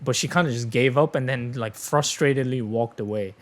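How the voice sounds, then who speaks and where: A man hosting a podcast, telling a story in casual, animated chat, swearing freely. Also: mid-range voice, brisk. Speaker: podcast host.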